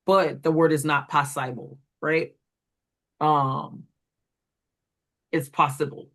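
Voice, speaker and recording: A woman's voice: low-pitched, level tone, slow pace, a bit bright. A woman walking through reading correction steps as a tutor trainer, explaining step by step with fillers while pointing at examples. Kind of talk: instructional walkthrough.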